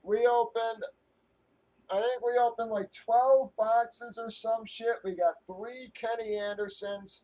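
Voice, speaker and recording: A live stream host breaking sports card boxes vents angrily to his viewers, swearing freely and rambling as he breaks off and restarts sentences. His voice is high with a darkish tone, and the audio quality is poor.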